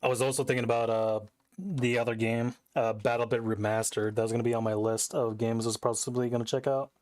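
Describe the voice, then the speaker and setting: A man's voice: mid-range voice, level tone, a little fast, a little mellow, no room sound. Young male game streamer, rambling casual chat, swears offhand, dry close mic. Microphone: desk mic.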